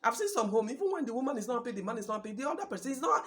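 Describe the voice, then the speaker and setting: A woman's voice: fairly high pitch, big pitch swings, very fast, few pauses. A Nigerian woman hosting a show, giving emphatic, preachy marriage advice and repeating her points for stress. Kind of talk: talk show address.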